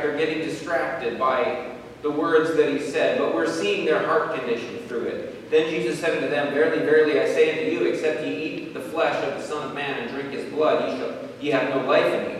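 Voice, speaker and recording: A man preaching a sermon, moving from quiet earnest questions to slow, loud, emphatic passages and reading scripture in old-fashioned wording. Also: on the high side. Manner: reads scripture in King James wording. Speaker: pastor. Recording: echoey hall, distant mic, faint room noise.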